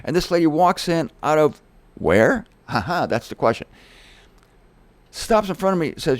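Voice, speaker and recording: A middle-aged man hosting his show, telling a personal story in a casual, animated way and acting out the voices of the people in it. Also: a little high, normal speed, no room sound. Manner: animated, quoting others in acted-out voices. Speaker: host.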